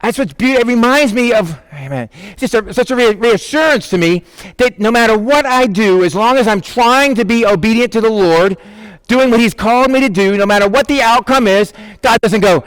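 A man's voice: very high-pitched, animated, fairly quick, fairly bright tone, clear, resonant tone, dry recording. A male pastor preaching an informal sermon, acting out Bible characters in casual modern speech. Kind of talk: conversational sermon.

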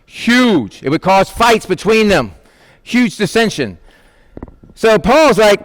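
A male pastor gives a lively, conversational sermon with a fairly high voice. He slips into casual modern speech as he acts out the Bible characters. The sound is dry and close, with little room echo. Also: takes it slowly, long pauses.

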